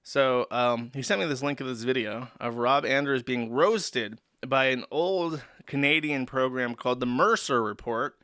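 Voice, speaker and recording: A man's voice: mid-range voice, unhurried, few pauses, fairly bright tone, clear, resonant tone, no echo. A man hosting a livestream, rambling through sarcastic, profane jokes and commentary on a close desk mic. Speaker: streamer host.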